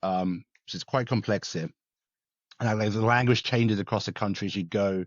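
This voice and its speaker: A man's voice: fairly low pitch, dry recording. Chatty British man, dull call audio. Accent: British with a South African tinge. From England. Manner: chatty and quick, laughs easily. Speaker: guest, former soldier and wildlife conservationist. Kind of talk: casual podcast interview. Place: home in rural South Africa, remote call.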